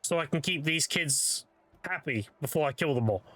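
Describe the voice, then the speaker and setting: A cruel, scornful goddess who wants her sacrifices quiet, as a male streamer tosses off her lines. The voice is dry and close, a little high, barely changed from a casual retelling. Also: animated, moderate pace, no room sound.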